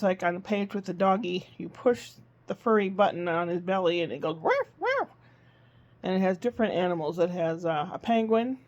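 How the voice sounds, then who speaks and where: A woman's voice: fairly low pitch, darkish tone, muffled recording. A woman vlogging in casual chat, rambling through a homey story with plenty of fillers, from her living room.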